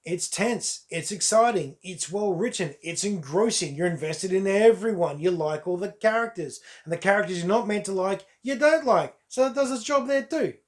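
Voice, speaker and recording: A man's voice: high voice, expressive, normal speed, few pauses. A man, chatting through a casual solo film review to his viewers, emphatic and repeating words for stress. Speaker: movie reviewer.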